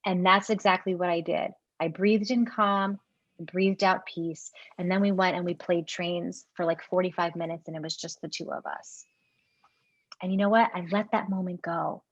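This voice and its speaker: A woman parenting coach giving gentle, earnest advice as a guest, often repeating words as she thinks. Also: fairly low pitch, fairly even intonation, normal speed, dry recording. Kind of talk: reflective advice-giving conversation. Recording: dry, dull lo-fi call audio.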